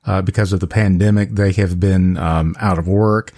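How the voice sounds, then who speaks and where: Brief: deep-voiced male podcast host, measured and supportive. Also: fairly even intonation, warm tone. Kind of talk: interview hosting.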